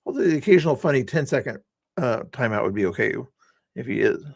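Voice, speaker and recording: A man's voice: mid-range voice, very animated, fast, gravelly, darkish tone, no echo, studio quality. A man hosting a casual livestream, rambling and teasing his guests and chat with sarcastic inflection. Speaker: livestream host.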